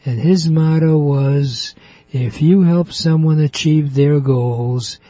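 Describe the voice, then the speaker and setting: Male radio host, slow chatty talk, laughs a lot, mellow voice, dry muffled sound. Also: a little high, no echo. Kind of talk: radio interview.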